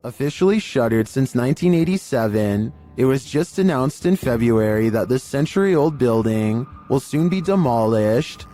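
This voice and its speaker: Male narrator with a mellow, dark tone and a measured, deliberate read, with faint music under him. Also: medium pitch, animated. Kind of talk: scripted narration of a creepy video compilation.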